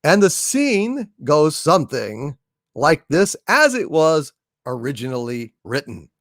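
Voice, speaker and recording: A man hosting a comedy live stream, reading out viewer messages in an animated, halting way with many fillers. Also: a little high, no room sound, studio quality. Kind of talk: casual live stream chat.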